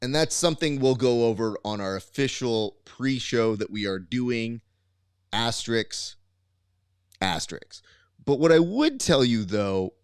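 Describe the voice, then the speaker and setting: A man's voice: medium pitch, clear, resonant tone, no echo. Joking male podcast co-host. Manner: joking, quick asides. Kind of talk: casual podcast chat.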